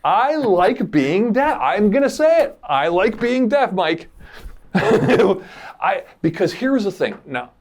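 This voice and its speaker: A man co-hosting a casual podcast, his voice sitting a little high and swinging widely in pitch. He tells stories with lots of animation and acts out what his inner voice says. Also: slow. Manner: animated storytelling, acting out his own inner voice. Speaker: podcast co-host. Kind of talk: casual chat.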